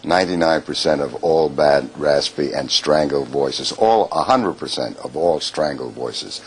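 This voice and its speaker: A man's voice: extremely low pitch, a little slow, low-quality recording. An older man working as a voice therapist, coaching a patient in a clinic room and demonstrating sounds as he explains.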